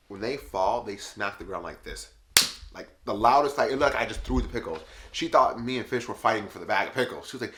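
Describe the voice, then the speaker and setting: A man vlogging, telling a story in a casual, animated way, laughing often and acting out what others said. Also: lowish voice. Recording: echoey room.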